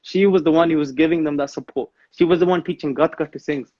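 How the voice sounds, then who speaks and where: Fast-talking man, earnest devotional talk. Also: on the high side, steady tone, a little mellow, dry recording, dull audio. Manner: earnest, mixes in Punjabi phrases. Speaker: guest speaker on a live stream.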